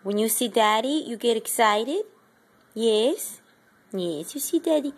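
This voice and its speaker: A woman's voice: on the high side, expressive, unhurried, breathy edge. A woman talking baby talk to her pet in a cooing, sing-song way, asking it question after question, recorded on a phone. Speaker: pet owner.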